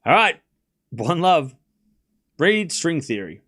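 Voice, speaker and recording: A man live-streaming tennis, his voice sitting a bit high and bouncing up and down a lot. He calls points in quick bursts, then drifts into rambling asides, chuckling and correcting himself as he goes. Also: sing-song, a bit bright. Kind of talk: casual live-stream play-by-play and chat.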